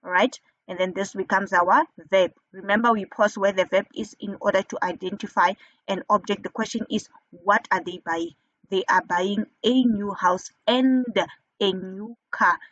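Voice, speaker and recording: A woman teaching a grammar lesson, slow and deliberate, who asks questions and then answers them herself. Her voice sits at a middle pitch. The recording is dry and a little dull and lo-fi. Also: fairly even intonation, fairly bright tone, dry recording. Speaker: English teacher.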